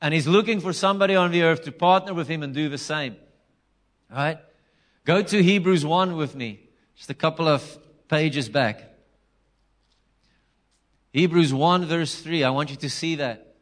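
Animated man preaching. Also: a little high, moderate pace, pauses often. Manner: conversational, animated preaching with restarts and acted-out quotes. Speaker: pastor. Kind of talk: sermon.

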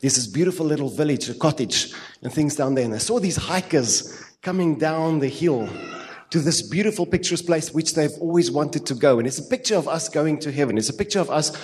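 A male pastor with a South African accent preaching a sermon with fervent, repetitive phrasing and quick asides. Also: a little high, lively intonation, darkish tone, slight background noise. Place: church hall. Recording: long reverb of a church hall.

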